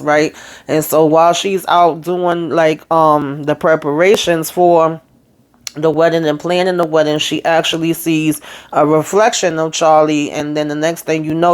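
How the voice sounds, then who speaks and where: A woman's voice: low voice, a little mellow. A woman hosting a casual TV episode recap, retelling scenes in a sassy, chatty way with asides to her viewers. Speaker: TV recap host.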